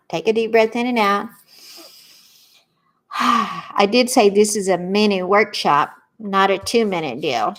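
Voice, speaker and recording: Slow-talking Southern woman leading tapping. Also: medium pitch. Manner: slow, soothing, lets viewers repeat after her. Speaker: tapping workshop host. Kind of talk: guided tapping workshop on a livestream.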